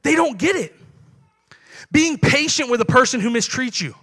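High, bright-voiced young male preacher. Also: animated, normal speed. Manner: conversational preaching, acts out dialogue. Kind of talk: sermon.

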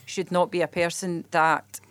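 A woman's voice: lowish voice, flat delivery, a little slow. A woman co-hosting a podcast chat, blunt and firm in argument. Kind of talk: casual chat.

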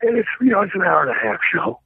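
Gravelly older man on a phone line. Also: high voice, fast, dry recording. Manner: rambling, animated anecdotes with acted-out voices. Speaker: guest, former pro wrestler. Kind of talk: casual storytelling by phone.

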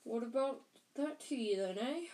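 Storybook giant, big rough-hearted man, voiced by a woman reader; homely, slow, warm-hearted growl, lifted a touch in pitch. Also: lightly acted, poor audio. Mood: gruff friendly. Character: huge gruff kindly giant man. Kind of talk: audiobook character voice.

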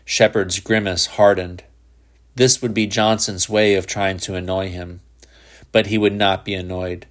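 A man narrating a literary story with a lowish voice and a slow, deliberate pace. His delivery stays measured and even throughout. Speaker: audiobook narrator.

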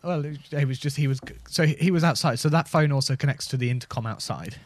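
A man co-hosting a comedy podcast, offering absurd explanations with a deadpan delivery. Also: a little high, quick pace. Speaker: podcast co-host. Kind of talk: casual comedic chat.

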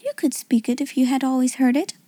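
A woman voicing a clever, imaginative young schoolgirl in a soft whispered role-play, hushed and wondering. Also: high-pitched, fairly even intonation, a little fast, no echo.

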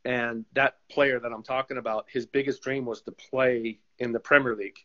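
A man, a former goalkeeper turned coach, telling animated stories in a casual interview and acting out the voices of people he quotes. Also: medium pitch, moderate pace. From United States. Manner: animated storyteller who acts out quoted voices. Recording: slightly dull lo-fi sound.

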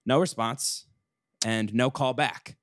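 A man's voice: mid-range voice, slow pace, no echo, clean studio sound. Young man ranting on a podcast. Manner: animated storytelling, frequent swearing and restarts. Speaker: podcast host. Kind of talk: casual chat.

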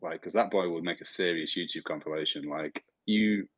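Man, deep, husky, lively football podcast chat. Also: a little fast, no room sound, poor audio. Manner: animated storyteller, mimics fans in high voices, swears. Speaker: podcast co-host.

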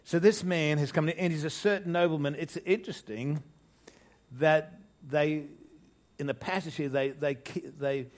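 A man's voice: on the high side, steady tone, moderate pace. An older man preaching a conversational sermon to his congregation, restarting phrases and asking rhetorical questions. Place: church, speaking to a congregation.

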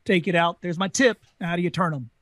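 A Southern US man tells carnival stories in a quick, animated interview voice. His pitch sits high for a man. The sound is dry and close. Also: no echo. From Southern United States. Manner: fast, animated talker. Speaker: guest, former carnival talker. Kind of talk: casual storytelling interview.

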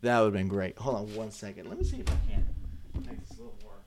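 This young vlogger rambles and swears at his desk webcam in his room, breaking into laughing asides. He sounds very animated and fast, with a low voice and vocal fry, and there is background noise.

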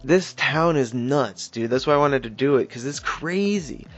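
A man's voice: medium pitch, animated, normal speed. Male podcast host, casual and profane, reads articles aloud; dull lo-fi mic, faint music bed. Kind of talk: casual true-crime podcast chat.

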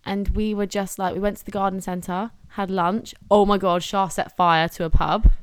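A young Englishwoman talks easily on a chat podcast, relaxed and teasing. Her voice has an ordinary pitch and a dry, close sound. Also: normal speed, clear, resonant tone, dry recording. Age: young adult. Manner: laid-back, teasing. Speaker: podcast co-host. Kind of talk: casual chat.

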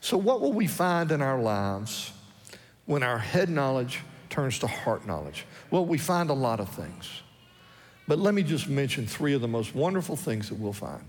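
A man's voice: mid-range voice, very animated, normal speed. A male pastor preaching a sermon earnestly and repeating his key phrases for emphasis. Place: church sanctuary. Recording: long reverb of a church hall.

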